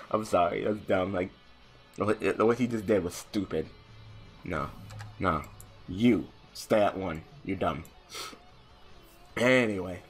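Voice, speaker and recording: A young man giving casual gameplay commentary, swearing and ranting in exasperation, swinging between mumbled asides and loud outbursts. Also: sits low, unhurried, long pauses, faint music behind. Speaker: gaming channel host.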